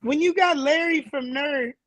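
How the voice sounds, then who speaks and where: A woman's voice: high voice, crowd noise, low-quality recording. A woman co-hosting a podcast, asking questions and laughing in a casual chat. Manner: laughing, quick interjections and questions. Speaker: podcast co-host.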